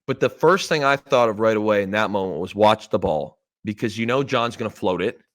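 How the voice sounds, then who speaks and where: A man in his thirties from Canada, hosting a casual sports podcast, telling a game story in an animated way and acting out quoted lines. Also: fairly low pitch, fairly quick. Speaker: podcast host, former player.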